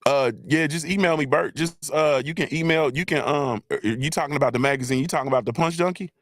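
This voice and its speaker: A man's voice: fairly high pitch, quick pace, a bit bright, no room sound. A man hosting a livestream, ranting bluntly and with heavy profanity, often checking in with "you feel me.". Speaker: livestream host. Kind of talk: casual livestream rant.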